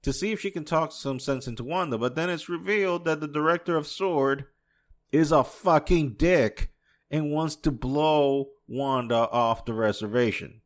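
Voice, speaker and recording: Hosting a casual solo podcast, a New York man reviews a show in a rambling, profane style, frequently chuckling to himself. His pitch is medium.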